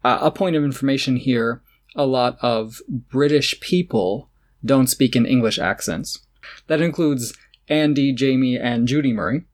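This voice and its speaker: A man talking casually as a podcast co-host, with a voice of ordinary middle pitch. He is opinionated and sarcastic, and he laughs often as he makes his points. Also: a little slow. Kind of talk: casual chat about tennis.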